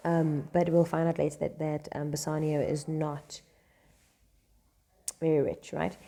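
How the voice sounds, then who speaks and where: A woman teaching a Shakespeare scene at home. She reads each line slowly, then explains it in casual slang. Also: deep voice, level tone, creaky, mellow. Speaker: English teacher.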